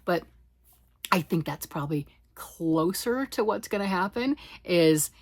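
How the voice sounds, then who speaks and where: A woman's voice: lowish voice, animated, unhurried, no echo. A woman hosting a knitting podcast, rambling and self-deprecating as she chats casually with her listeners. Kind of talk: casual chatty monologue.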